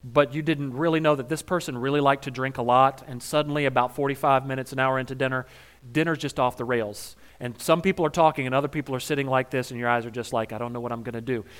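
A male pastor preaching a sermon in a conversational, wry way, retelling scenes with humor and swinging between quiet and emphatic moments. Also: mid-range voice, steady tone, fast talker, smooth.

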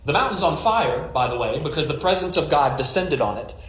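A man's voice: on the high side, very animated, brisk, a bit bright, roomy sound. A male pastor giving a conversational sermon, retelling scripture with jokes and storytelling asides.

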